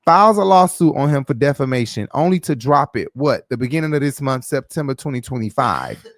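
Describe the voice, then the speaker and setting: A man's voice: medium pitch, animated, fairly quick, dry recording, clean studio sound. A man hosting a casual gossip show, giving blunt, profane opinions in a loose, chatty way. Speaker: host.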